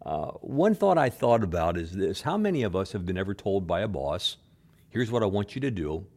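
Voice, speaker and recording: A male pastor preaching a sermon, moving between loud emphatic lines and quiet low asides, often repeating words and acting out quoted speech softly. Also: very animated, moderate pace.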